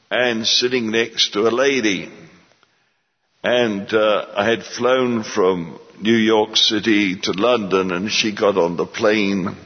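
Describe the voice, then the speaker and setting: A man preaching in a slow, measured, stern way, his low, husky voice lifting when he presses a point. The sound is dull and muffled, with a long echo from a large hall. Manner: slow, deliberate and stern, rising for emphasis. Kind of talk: sermon.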